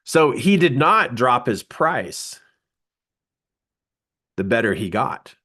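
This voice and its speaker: Animated storytelling male coach. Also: slow pace. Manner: animated storyteller, voice jumping high for quoted surprise. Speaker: business coach. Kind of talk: live coaching talk with storytelling.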